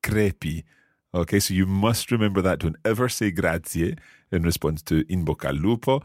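A man's voice: deep voice, moderate pace, no echo, clean studio sound. A man hosting a podcast language lesson, explaining phrases in an upbeat, explanatory way. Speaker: language teacher and podcast host.

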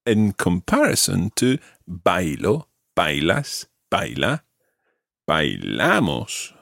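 Low-ish and gravelly, this man's sing-song voice guides a learner through Spanish lesson drills, patiently modelling verb forms and stress slowly so they can be repeated. The audio is clean studio sound with no echo.

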